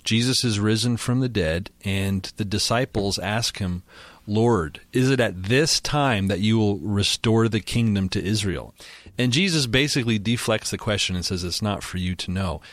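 A man with a lowish voice hosts a Bible discussion, reading verses and then asking leading questions. The sound is dry and close-miked. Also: normal speed, a bit bright, no room sound. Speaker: host.

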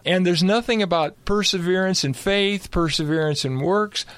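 A man's voice: high-pitched, normal speed, a bit bright, clear, resonant tone, no echo. A man co-hosting a theological discussion, explaining scripture by quoting it verse by verse. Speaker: co-host and Bible teacher.

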